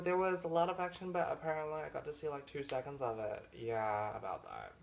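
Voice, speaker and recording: A man reviewing a film in a casual, chatty way, full of mock complaints aimed straight at the actors. His delivery jumps between loud, excited bursts and low, deflated mutters. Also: brisk, gravelly, few pauses. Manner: animated and jokey, with big swings in loudness and pitch. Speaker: movie reviewer. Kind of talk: casual spoken movie review.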